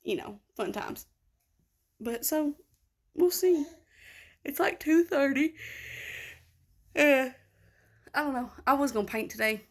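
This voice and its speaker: A woman's voice: high-pitched, takes it slowly, pauses often. A tired young woman, chatting casually and rambling to her vlog audience. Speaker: vlogger.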